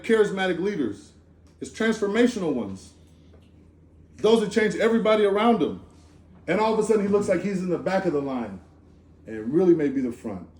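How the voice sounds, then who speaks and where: A man giving an informal, animated sermon at a holiday gathering, talking in a conversational, slangy way with lots of asides. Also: high-pitched. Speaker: speaker giving a Torah talk. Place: Sukkot gathering in a room. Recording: echoey room.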